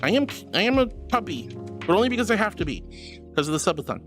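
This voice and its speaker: A woman's voice: medium pitch, sing-song, fast talker, faint music behind. A woman streamer chatting casually with her viewers, playful and melodramatic, with frequent giggles. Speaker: VTuber streamer. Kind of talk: casual livestream chat reading messages.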